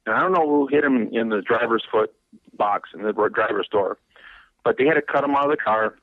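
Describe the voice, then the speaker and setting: A man's voice: medium pitch, brisk, dry recording, phone-quality sound. A race car driver in his fifties, from Wisconsin, telling a long rambling story in a radio interview, laughing and repeating words as he gets going.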